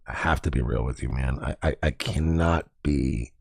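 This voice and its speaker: A man's voice: rumbling low, normal speed, creaky, no room sound, studio quality. A man hosting a livestream, chatting casually in a crude, rambling way with mumbled asides. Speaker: livestream host.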